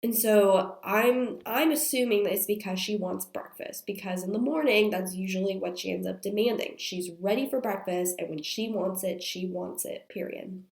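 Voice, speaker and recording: A woman's voice: medium pitch, normal speed, vocal fry, hardly any pauses, a little mellow. Woman host in her thirties, under the weather, confessional storyteller, recorded in an echoey room. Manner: chatty and confessional, many fillers. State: sick, strained voice. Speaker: podcast host. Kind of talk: candid storytelling monologue. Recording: roomy echo.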